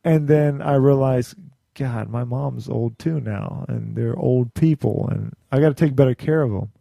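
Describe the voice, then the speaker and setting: A man's voice: mid-range voice, unhurried, creaky, dark tone, no room sound, clean studio sound. A young man co-hosting a podcast, telling a long story in casual chat, acting out quotes in a raised voice and laughing often. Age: young adult. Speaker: podcast co-host.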